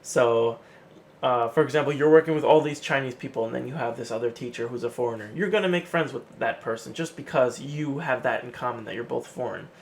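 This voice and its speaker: Man, casual vlogger, gravelly voice, chatty and animated, faint background hum. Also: mid-range voice, a little fast. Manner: chatty, acts out quotes in an animated way. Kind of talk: casual vlog talk.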